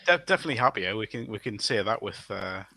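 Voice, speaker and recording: A man with a somewhat low voice and a bright, forward tone talks as a guest on a casual podcast. He is thoughtful and unhurried, pausing on ums and uhs and restarting his phrases as he recalls the past. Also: animated, creaky, dry recording. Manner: thoughtful, with frequent fillers and restarts.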